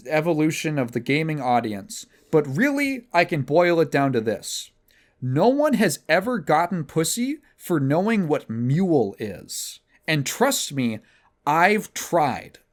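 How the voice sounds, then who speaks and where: A young man hosting a podcast, telling a rambling, profane, self-mocking story in casual chat. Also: fairly high pitch. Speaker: podcast host.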